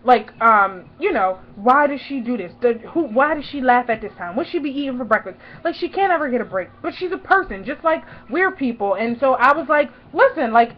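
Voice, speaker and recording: Woman in her twenties, casual vlog storytelling, lots of "like", loud replayed lines, muffled lo-fi sound. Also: high voice, animated, brisk, few pauses. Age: 20s. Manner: chatty, fills talk with "like", acts out her own past lines loudly. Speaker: vlogger.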